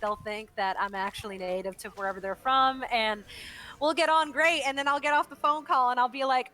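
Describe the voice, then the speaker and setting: A woman's voice: high voice, brisk, sharp tone, poor audio. A woman voice actor chatting casually as a guest, talking in long flowing explanations and laughing often. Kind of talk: casual interview chat while gaming. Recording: faint background noise.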